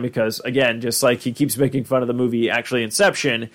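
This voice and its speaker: A man's voice: medium pitch, steady tone, brisk, hardly any pauses. Chatty man rambling through a cartoon recap. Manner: rambling, chatty, full of fillers and acted-out quotes. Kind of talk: casual episode recap.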